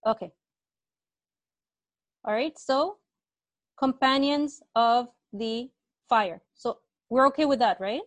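Woman teacher, patient, quizzes students, fairly high voice, dry close sound. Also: slow pace, pauses often, no echo. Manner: patient, asks students questions and repeats answers. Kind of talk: online Arabic grammar class.

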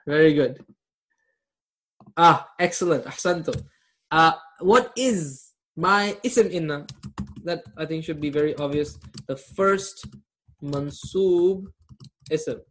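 A man's voice: on the high side, fairly bright tone. Man teaching a live online grammar class. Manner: quizzes students, jokes and laughs at his own jokes.

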